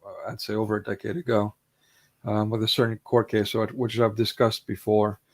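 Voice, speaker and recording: An American man hosting a casual online talk show, relaxed and thoughtful, with many ums. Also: on the low side, normal speed. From United States. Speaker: podcast host. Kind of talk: casual conversation.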